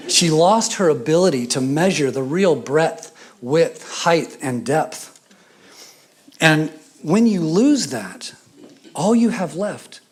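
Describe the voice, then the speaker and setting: A man with a Scottish accent preaching a sermon, mixing scripture with humorous stories and hushed asides. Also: fairly high pitch. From Scotland. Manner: storytelling with humor, drops to a whisper for emphasis.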